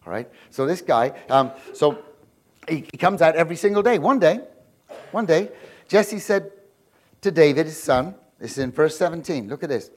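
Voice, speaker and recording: A male preacher giving an animated, jokey sermon, often laughing and checking in with the crowd with quick rhetorical questions. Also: a little high. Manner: animated, asks the crowd frequent "right?" questions.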